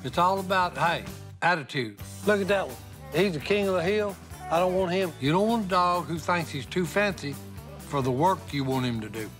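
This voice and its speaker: A man's voice: high voice, normal speed, a bit bright. An older man with a Southern US accent, rambling in folksy banter and scolding his dog. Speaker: reality show cast member. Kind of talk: casual banter and to-camera asides. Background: background music.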